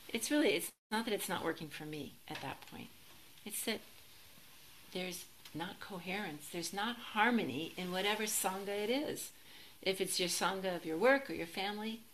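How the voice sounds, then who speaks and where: A woman teaching as a Zen teacher in a relaxed, reflective dharma talk, gently self-deprecating and sometimes laughing. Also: medium pitch, slight background noise, rough recording.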